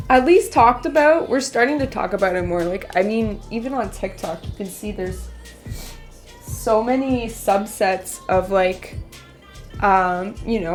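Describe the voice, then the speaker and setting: A young woman streamer chatting candidly and emotionally with her viewers as she paints. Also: medium pitch. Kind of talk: casual livestream chat.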